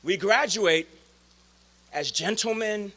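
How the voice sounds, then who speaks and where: A man in his forties giving a commencement speech, storytelling with dramatic swings from loud calls to hushed lines. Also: sits high, slow. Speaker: commencement speaker.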